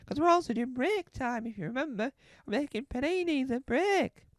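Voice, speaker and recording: A performer voicing an excitable eighteen-year-old school dinner man who rambles through a story in a comedy sketch. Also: high-pitched, moderate pace, no room sound, voice pushed up. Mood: chatty.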